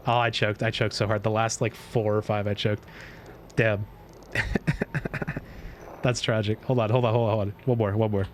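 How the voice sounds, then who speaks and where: Boastful, excitable male streamer. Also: on the low side, slight background noise. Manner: boastful, swears freely, excitable outbursts. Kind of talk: casual livestream chat while gaming.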